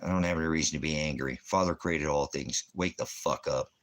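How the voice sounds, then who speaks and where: A man with a rumbling low, brisk, slightly bright voice, an American veteran and former police officer, delivers an angry monologue. He rants heatedly and swears constantly.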